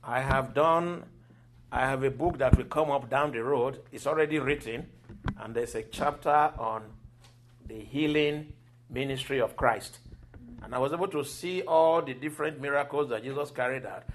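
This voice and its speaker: A man preaching a sermon, telling scripture stories with lively acted-out quotes and occasional laughter. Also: mid-range voice, moderate pace, a little hiss or hum. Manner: animated storytelling, acting out quoted voices and laughing.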